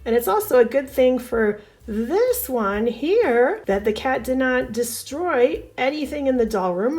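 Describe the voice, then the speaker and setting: A woman hosts her own channel and tells a personal story. She talks in a chatty, lively way, and her voice is high. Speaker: doll collector and channel host. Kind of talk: storytelling vlog.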